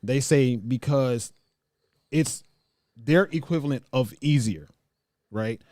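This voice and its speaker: A man's voice: mid-range voice, slow pace, darkish tone, no room sound, studio quality. A man hosting a casual podcast chat, reading out viewer comments in an easygoing, hesitant way.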